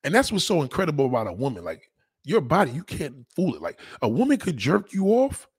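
A man in a blunt, crude, rambling monologue, talking fast and casually. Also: a little high, huge pitch swings, husky, dry recording, clean studio sound.

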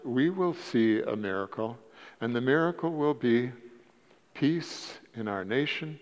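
Man preaching in an echoing church. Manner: halting, repeats words, rises in pitch for emphasis. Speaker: guest preacher. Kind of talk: sermon with storytelling. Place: church sanctuary. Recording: dull lo-fi church recording with long reverb.

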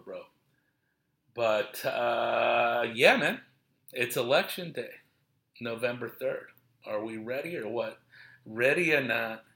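A man's voice: medium pitch, fairly bright tone. A man telling casual, profane stories from his shows, full of slang and acted-out quotes. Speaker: comedian talking about his shows. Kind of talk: casual rambling chat.

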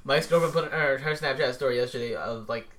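A man's voice: mid-range voice, a little fast, a bit bright. A man hosting a casual podcast, telling stories in a mocking, profane way and laughing as he talks. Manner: profane, mocking storyteller who laughs while talking. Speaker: podcast host. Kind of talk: casual chat.

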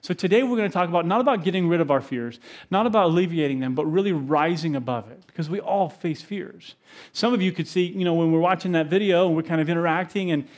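A middle-aged pastor preaches a sermon full of animated stories, chuckling and tossing asides to the congregation. His voice sits a little high.

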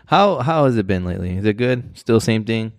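Low-voiced young man, dry close sound. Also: lively intonation, no echo. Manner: teasing, slangy, drawn-out "man" and "bro". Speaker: podcast co-host. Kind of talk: casual chat.

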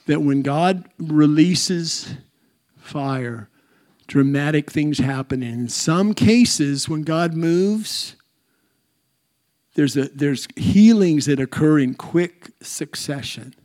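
A man preaching a sermon to his congregation in a soft-spoken, reflective way. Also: fairly high pitch, slow. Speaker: pastor.

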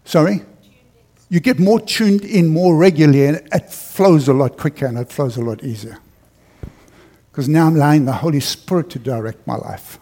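A man's voice: fairly high pitch, moderate pace, warm tone. A middle-aged man preaching a sermon as pastor, telling a personal story earnestly and repeating key phrases for emphasis. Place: church.

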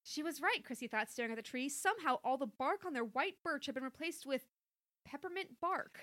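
Bright, high-voiced woman reading a story. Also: animated, a little fast, no room sound, clean studio sound. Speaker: reader of an interactive story. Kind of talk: storybook narration with chat.

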